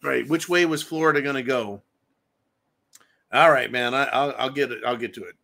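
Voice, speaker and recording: A man's voice: mid-range voice, normal speed, vocal fry, bright, forceful tone. A man hosting a show, ranting angrily about politics and swearing constantly as he reads viewer comments. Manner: angry, crude, swears constantly. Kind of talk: profane political rant.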